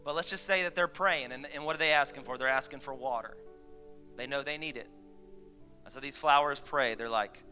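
A man's voice: mid-range voice, a little fast, bright, forceful tone, soft background music. A man preaching a sermon to his church, chatty with laughing asides, building to emphatic points. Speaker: pastor. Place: church sanctuary.

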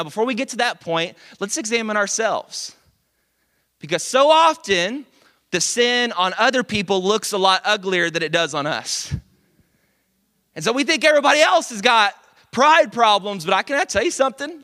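A middle-aged man preaching a sermon, telling a story with lively, animated delivery and loud acted-out quotes. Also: high voice.

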